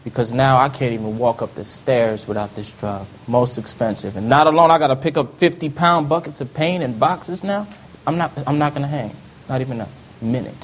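A man telling a personal testimony in an earnest storytelling way, often dropping to soft low tones. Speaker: speaker giving testimony.

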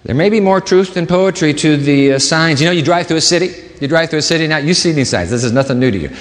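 A man preaching a sermon as pastor, dramatic, swinging between loud emphasis and hushed low asides. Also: quick pace. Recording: long reverb of a large hall.

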